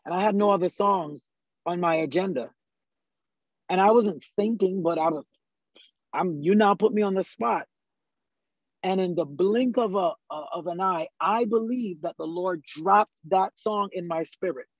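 A man with a fairly high speaking voice tells church stories, lively and quick, and often quotes his own thoughts. The sound is dry and a bit dull, with no room around it. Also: no echo. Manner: lively, talks fast, quotes himself in asides. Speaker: worship leader. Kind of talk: conversational storytelling. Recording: slightly dull, dry recording.

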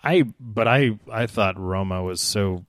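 A man co-hosting a podcast in casual chat, easygoing and quick to laugh. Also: lowish voice, a bit bright, no echo, studio quality. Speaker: podcast co-host.

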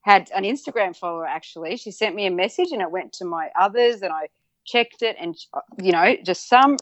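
A woman's voice: medium pitch, animated, a little fast, fairly bright tone, dry recording. A woman guest telling a personal campaign story with emotion, speaking candidly, swearing freely and repeating herself for emphasis.

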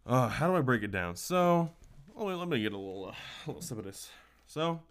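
A man's voice: medium pitch, big pitch swings, brisk, a bit bright. A man hosting a casual solo podcast, telling stories in a profane, ranting way. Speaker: podcast host.

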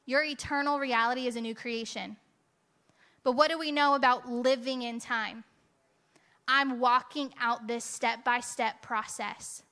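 Woman pastor, chatty emphatic sermon delivery, higher-pitched and sharp. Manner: conversational and emphatic, with rhetorical "right?" asides. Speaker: preacher.

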